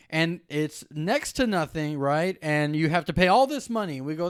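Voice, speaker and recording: A man with a somewhat high, clean, resonant voice gives a weekly devotional. He tells a personal story in a lively, animated way and laughs often. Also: fairly quick, hardly any pauses, clean tone. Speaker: preacher. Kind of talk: devotional talk.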